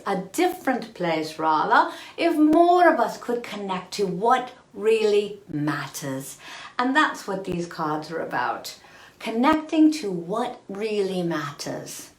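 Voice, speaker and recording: Lady livestreaming from the bathroom on her phone, high lively voice, slow and gushy, lots of darlings, echoey. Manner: gushing, affectionate, calls viewers darling; playful and expressive, laughs often. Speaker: self-care vlogger. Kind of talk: live-streamed casual self-care talk. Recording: roomy, echoey bathroom sound.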